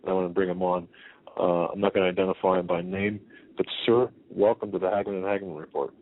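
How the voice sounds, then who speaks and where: A man co-hosting a talk radio show, out of breath and halting, with many fillers. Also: low voice, fairly even intonation. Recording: tinny phone-like internet radio.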